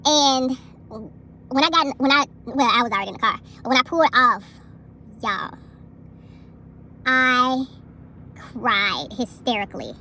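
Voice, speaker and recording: A young woman vlogger telling a personal story in an animated, emphatic way, often turning to address her viewers. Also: sits high, a little slow, long pauses, a little hiss or hum. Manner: animated, emphatic retelling with lots of asides to viewers. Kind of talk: casual storytelling vlog.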